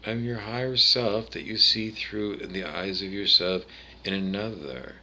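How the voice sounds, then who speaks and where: Man, lowish voice, slow and meandering solo vlog delivery, keeps drifting between tangents. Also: fairly even intonation, bright, forceful tone, a little hiss or hum. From Canada. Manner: rambling, digressive, restarts and tangents. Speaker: vlogger. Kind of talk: unscripted monologue to camera.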